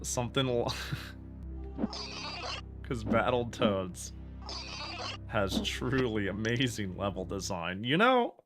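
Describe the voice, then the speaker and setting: A man's voice: lowish voice, slow, long pauses, over music. A man streaming a game he is playing for the first time, chatting casually with sarcastic, exasperated remarks, swearing and laughing. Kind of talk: casual gameplay commentary.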